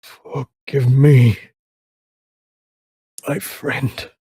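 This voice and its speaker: A man voicing a weary, heroic old warrior who speaks slowly and earnestly to a fallen friend. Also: mid-range voice, level tone, dark tone, slight background noise, pitched above the performer's own voice. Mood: solemn. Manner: slow, solemn and earnest.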